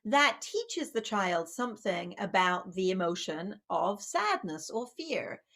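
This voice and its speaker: A woman's voice: medium pitch, big pitch swings, slow, creaky, fairly bright tone. A woman, a child psychologist and author, giving a conversational public talk on parenting, with many fillers and self-corrections.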